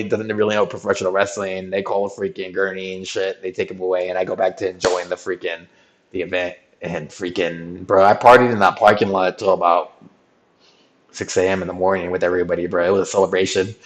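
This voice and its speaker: A man's voice: sits low, little pitch movement, brisk. A man streaming, telling a rambling, slang-filled story and asking "right?" again and again. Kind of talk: casual storytelling recap.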